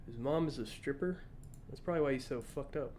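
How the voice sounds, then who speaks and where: A man's voice: mid-range voice, fairly quick, darkish tone, slight background noise. A man streaming, reacting in casual, blunt, profane commentary, often incredulous.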